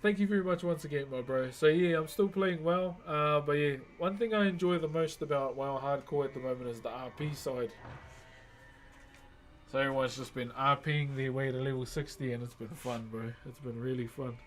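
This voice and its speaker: A man's voice: mid-range voice, fairly even intonation, normal speed. A man, chatting casually on a live stream and thanking viewers as he works. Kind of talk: casual live-stream chat while working.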